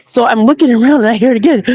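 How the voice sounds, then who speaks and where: A woman's voice: fairly high pitch, mellow, no room sound. A woman walking outdoors, telling a story in a chatty, casual way and acting out the voices of people in it. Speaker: vlogger. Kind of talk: casual spoken vlog. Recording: dull lo-fi audio.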